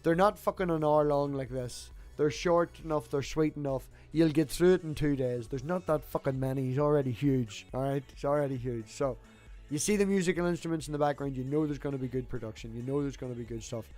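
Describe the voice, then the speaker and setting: A man's voice: on the high side, a little fast, a little mellow, soft background music. A man hosting a casual online chat show, blunt and chatty with casual swearing. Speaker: podcast host.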